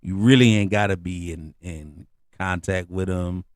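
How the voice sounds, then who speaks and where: At a measured pace, a middle-aged podcast host recounts comedic stories, recorded dry with studio quality. His talk is slangy and animated, and his voice jumps up for the punchlines and rises on the asides.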